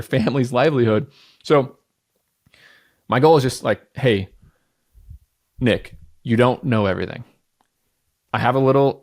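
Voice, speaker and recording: A man in his thirties hosting a podcast, talking candidly and bluntly in a casual monologue, confident and energetic, with the odd swear word. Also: medium pitch. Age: 30s. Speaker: podcast host.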